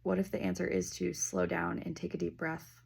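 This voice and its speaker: A woman's low, deep-fried, raspy voice drifts through a relaxed spiritual reading. She rambles casually, drops a swear word here and there, and then slows to a soft near-whisper to lead deep breaths. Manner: loose and chatty, with fillers and casual swearing. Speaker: intuitive reader.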